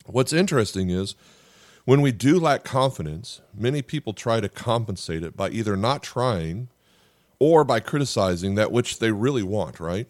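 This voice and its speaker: A middle-aged pastor who also hosts a podcast delivers a sermon in an earnest, conversational style, often saying "uh" and restarting sentences. His voice is lowish and animated at a normal speed. There's no room sound on the recording.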